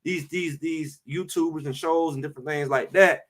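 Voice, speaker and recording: A man hosting a live sports talk show, ranting with heat and repeating himself for emphasis. He speaks a with a somewhat raised pitch. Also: fairly even intonation, normal speed, fairly bright tone. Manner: fired-up, emphatic, repeats phrases. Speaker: show host.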